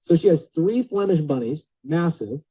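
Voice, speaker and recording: A man telling an animated story to a group, casual and full of filler words, acting out the people in it. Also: a little high, moderate pace, slightly rough, dry recording, rough recording. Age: adult. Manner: lively, acts out quoted voices, casual filler words. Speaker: speaker telling a real estate story to a group.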